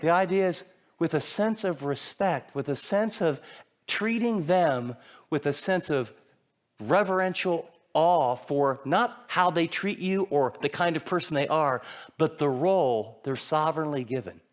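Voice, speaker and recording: A middle-aged pastor preaches a sermon in a fairly high, slightly slow voice. He tells stories animatedly, acting out the voices of the people in them.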